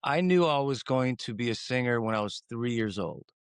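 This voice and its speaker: Man, interview guest, rambling animated storyteller, mid pitch. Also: moderate pace, smooth, no room sound. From Croatia. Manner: animated, rambling, acts out quotes with swings in pitch. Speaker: guest singer.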